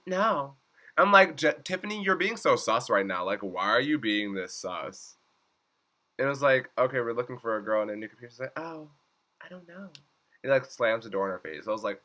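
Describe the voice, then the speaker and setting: A young man with a very bright, forceful voice recaps a TV episode in a loose, chatty way. He leans on "like" constantly and swoops up high when he acts out what the characters said. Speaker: reaction vlogger.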